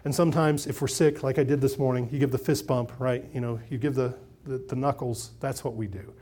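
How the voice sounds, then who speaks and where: A middle-aged man preaching a sermon in a conversational way, swinging between loud emphasis and quiet asides, often repeating and restarting phrases. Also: mid-range voice, fairly even intonation, a little fast. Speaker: pastor.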